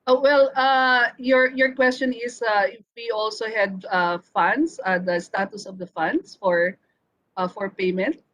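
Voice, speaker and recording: A woman with a Filipino accent, a health insurance official giving formal testimony at a hearing over a video call, halting and full of filler pauses. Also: medium pitch, fairly even intonation, fairly bright tone.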